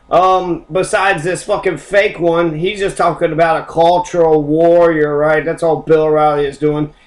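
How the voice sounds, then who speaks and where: High-voiced man in a profane rant. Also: rough recording. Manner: heavy swearing, mocking and combative. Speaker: podcast host. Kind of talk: profane ranting monologue.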